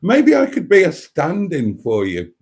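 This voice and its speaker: A man's voice: a little high, wildly swooping pitch, measured pace, a little mellow. A man with a Welsh accent hosting a casual live stream, chatty and self-mocking, laughing often.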